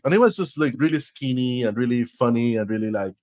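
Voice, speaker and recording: In a storytelling interview, a Costa Rican podcast guest in his forties speaks English with a Costa Rican Spanish accent. He's fast and medium-pitched, laughing and animated, often restarting his sentences. The audio has no echo.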